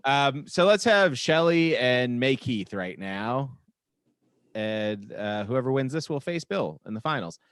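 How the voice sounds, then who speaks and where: A man's voice: medium pitch, expressive, unhurried, clear, resonant tone, no room sound. A man hosting a comedy debate show, moderating with dry, teasing remarks. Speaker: host and moderator.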